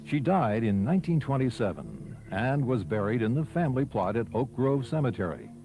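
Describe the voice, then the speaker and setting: Mellow-voiced male documentary narrator. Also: medium pitch, very animated, moderate pace, low-quality recording. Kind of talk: scripted narration. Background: soft music bed.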